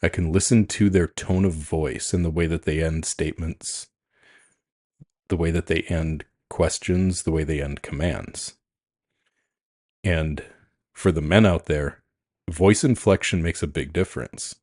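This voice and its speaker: A man co-hosting a podcast as a coach, talking calmly and frankly and thinking aloud with frequent restarts. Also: deep voice, a little slow, no room sound, clean studio sound. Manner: calm, frank and reflective, restarts often. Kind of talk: casual chat.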